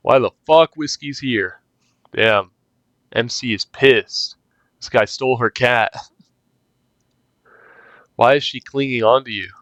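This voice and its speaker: A man's voice: medium pitch, slow pace, pauses often, fairly bright tone, dry recording. A young man reading a story game aloud and reacting casually, joking and swearing between lines. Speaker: gaming youtuber.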